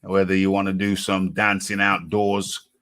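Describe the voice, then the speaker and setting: A man hosting a boxing talk show, speaking in a slow, halting way and often repeating himself. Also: low voice, monotone, fairly bright tone. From United Kingdom. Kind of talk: casual boxing chat.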